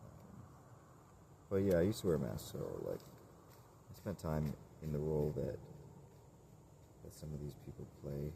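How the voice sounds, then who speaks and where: A man talking casually to camera in a candid, self-reflective monologue, rambling and halting with many restarts. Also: rumbling low, vocal fry, warm tone, slight background noise. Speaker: vlogger.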